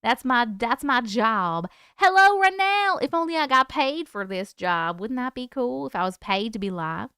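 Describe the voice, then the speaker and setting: A woman's voice: on the high side, animated, moderate pace, hardly any pauses, pushed and bright, clean tone, dry recording, studio quality. Tired, chatty woman hosting a live stream. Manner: chatty and affectionate, greeting viewers by name. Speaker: host. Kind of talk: casual live-stream chat reading comments.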